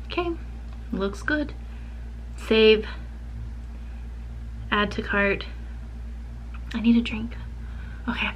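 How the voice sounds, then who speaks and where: Woman vlogger, chatty and upbeat, higher voice, filler-heavy casual talk at home. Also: extremely slow, pauses often, muffled recording, a little hiss or hum. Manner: chatty, says "like" a lot. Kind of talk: casual vlog chat. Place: home office.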